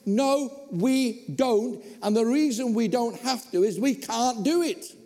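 A man preaching a sermon in a church, conversational and animated with humorous asides. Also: very high voice, moderate pace. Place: church hall. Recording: long reverb in a hall.

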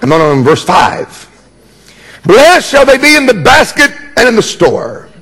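High-pitched gravelly preacher in a hall. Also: male voice, huge pitch swings, unhurried, sharp tone, some chatter behind. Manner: emphatic, repetitive, jokey call-and-response preaching. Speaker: pastor. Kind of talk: preaching a sermon.

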